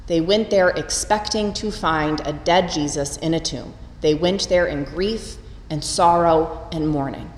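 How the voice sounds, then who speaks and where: Female preacher, expressive storyteller, church reverb, faint room hum. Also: a little slow. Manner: expressive, storytelling, lively pitch swings. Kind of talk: Easter sermon. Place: church sanctuary. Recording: roomy church with long reverb.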